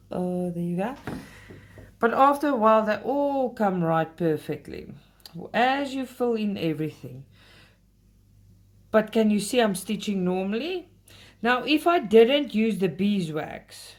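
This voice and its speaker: A woman hosting a casual craft vlog, talking straight to her viewers and getting heated when she complains. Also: mid-range voice. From South Africa. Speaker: cross-stitch channel host.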